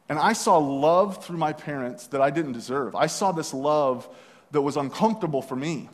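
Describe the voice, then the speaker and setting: A young man recounting his faith story in an earnest, halting way, circling back and restarting his sentences. His voice sits somewhat high for a man. A long reverb hangs behind every phrase. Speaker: speaker sharing his testimony. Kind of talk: personal testimony.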